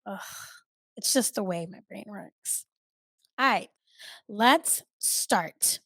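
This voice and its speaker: A woman hosting her own podcast, talking in a candid, chatty way that swings between loud and soft and swears freely. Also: mid-range voice, slow pace, gravelly, no echo, studio quality. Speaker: podcast host. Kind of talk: casual solo podcast chat.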